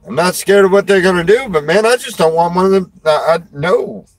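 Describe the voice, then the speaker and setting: Preacher, male, chatty and folksy, fairly high voice, dry close sound. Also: animated, fairly quick, no room sound, low-quality recording. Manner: folksy, rambling, laughs often. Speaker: preacher and show host. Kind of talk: casual chat.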